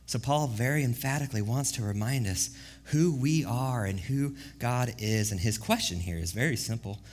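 Brief: male pastor, energetic sermon, slangy delivery, big swings between hushed and loud. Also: medium pitch, moderate pace, a little hiss or hum. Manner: lively, jumps from quiet reflection to loud emphatic bursts; casual slangy preaching.

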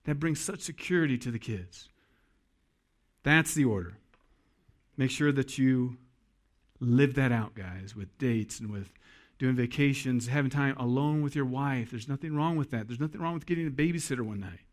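A man's voice: medium pitch, normal speed. A man preaching a sermon to husbands in a folksy, joking way that addresses the men directly. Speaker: pastor.

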